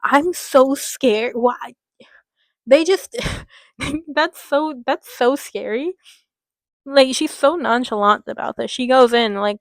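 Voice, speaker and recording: Young woman reading a scary story out loud, giggles and rambles a lot, a bit high voice, dry close sound. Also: unhurried, no echo. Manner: giggly, rambling asides with filler words. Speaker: story reader. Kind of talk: reading a story aloud with commentary.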